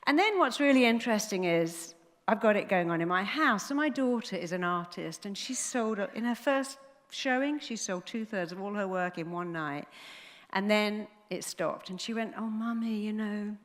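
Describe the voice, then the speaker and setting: A middle-aged woman, a therapist, tells a story from the stage in an animated way, acting out each person she quotes. Her voice sits at an ordinary middle pitch. It carries a long reverb that fills a large hall. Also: moderate pace.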